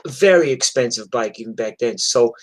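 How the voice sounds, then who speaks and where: A man from New York telling wild street stories in a casual, profane, animated way, acting out the fights as he goes. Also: medium pitch, normal speed. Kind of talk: casual storytelling. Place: streamed from home.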